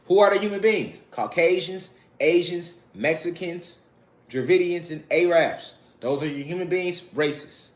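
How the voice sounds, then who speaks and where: A man's voice: on the high side, a little slow. A man giving a casual, emphatic spiritual lecture, repeating key phrases and checking in with his listeners. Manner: loose, conversational, with frequent swearing. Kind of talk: casual documentary monologue.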